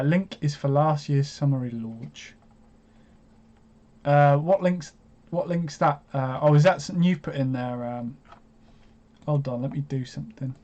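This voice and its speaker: Male streamer, slightly high voice, rambling commentary with excited outbursts, dull lo-fi audio. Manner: chatty, hesitant, bursts into excited reactions. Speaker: live stream host. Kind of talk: live watch-along commentary.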